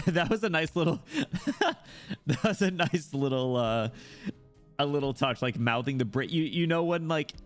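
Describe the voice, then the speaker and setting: A man's voice: fairly high pitch, expressive, a little slow, soft background music. A man streaming a game, chatting casually and jokingly while reading the story aloud. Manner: chatty and jokey, reads game text aloud.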